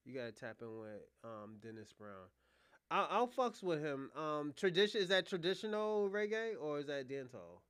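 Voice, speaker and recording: A man's voice: on the high side, sing-song, moderate pace, a bit bright, clean tone, no room sound, studio quality. A man from the United States hosting a livestream, reacting to clips in a rambling, profane, casual way and talking straight to his viewers. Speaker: livestream host.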